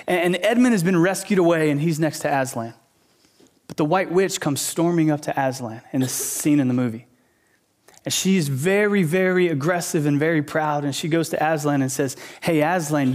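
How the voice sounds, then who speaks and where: A man preaching a sermon, telling a story with animation and emphatic repetition. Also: fairly high pitch. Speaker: pastor, teacher.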